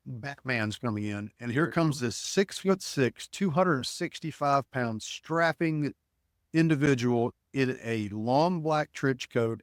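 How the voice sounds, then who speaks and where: A middle-aged man spins a story for a podcast, his voice sitting at an ordinary pitch for a man. He animates the tale by acting out what each person said. The sound is dry and close, with no room around it. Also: no echo. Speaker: podcast guest, ticket broker. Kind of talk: storytelling in conversation.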